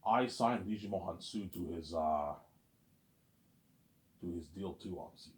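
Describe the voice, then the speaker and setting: A man with a low voice rambles through a casual vlog monologue, circling back on his points and leaning on the same stock phrases. His voice rings off the walls of an echoey room. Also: slow. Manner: rambling and repetitive, lots of "obviously" and "you know what I'm saying". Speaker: vlogger. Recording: roomy echo.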